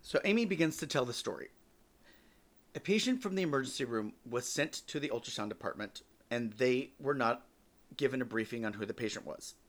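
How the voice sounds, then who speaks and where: A man in his forties hosts a podcast and tells personal stories in a relaxed, joking manner. His voice sits at a middle pitch, and he swears now and then. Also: a little fast. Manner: casual, joking, swears freely. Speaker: podcast host.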